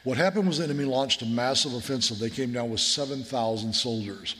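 A man's voice: medium pitch, brisk, fairly bright tone. Male chaplain telling war stories from the pulpit, folksy and earnest, big echoey hall. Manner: conversational storytelling, earnest and folksy. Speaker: military chaplain. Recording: long hall reverb.

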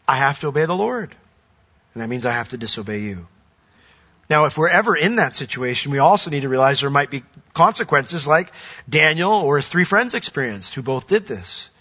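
Man preaching, slightly high voice, emphatic, muffled low-fi recording. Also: expressive, a little fast, bright, forceful tone, slightly rough. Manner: earnest preaching, rising to emphatic declarations. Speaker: pastor. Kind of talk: sermon.

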